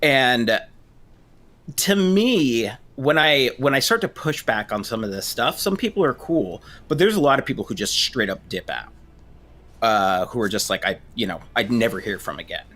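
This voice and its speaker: Male therapist, 30s, bright timbre, hesitant conversational delivery. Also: mid-range voice, big pitch swings, normal speed. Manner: hesitant, many restarts and fillers. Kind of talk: casual discussion.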